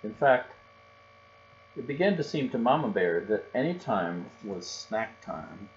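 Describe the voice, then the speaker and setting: A man's voice: fairly low pitch, very animated, unhurried. Man reading a storybook aloud. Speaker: storybook reader. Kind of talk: storybook read-aloud narration. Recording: dull recording with faint hum.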